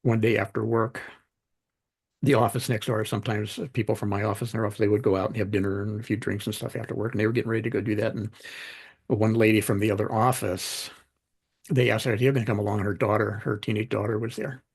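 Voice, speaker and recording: Gravelly, husky middle-aged man, guest on a podcast; storyteller who acts out the dialogue. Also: fairly low pitch, quick pace. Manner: animated anecdotes, acts out quoted dialogue. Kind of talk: conversational storytelling.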